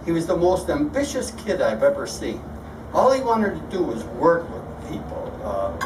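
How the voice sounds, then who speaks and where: A man's voice: fairly high pitch, noisy background. An older man giving a best man's toast at a wedding reception, telling folksy family stories. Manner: folksy storytelling. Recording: roomy hall, far from the mic, crowd. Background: guests laughing and chatting.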